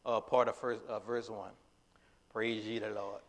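A man preaching a sermon in a casual, conversational way, full of fillers and restarts, breaking into loud emphatic lines. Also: fairly low pitch, level tone, unhurried.

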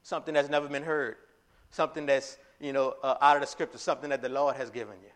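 A man preaching a sermon in a casual, conversational way, full of fillers and restarts, breaking into loud emphatic lines. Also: medium pitch, flat delivery, fast talker.

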